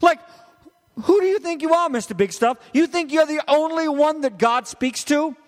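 A preacher putting on a mocking, whiny voice for a jealous biblical sister and brother. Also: male voice, high voice, big pitch swings, normal speed, darkish tone, soft background music, pitched above the performer's own voice. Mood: indignant. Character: indignant jealous biblical siblings, a sister and brother, petty and boastful. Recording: long reverb of a large hall.

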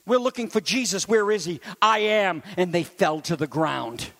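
A man with a very high voice preaches a sermon, lively and building up to shouts on the key phrases. He drops into conversational asides to the congregation between points. His voice rings with the long reverb of a church hall. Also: moderate pace. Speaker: pastor.

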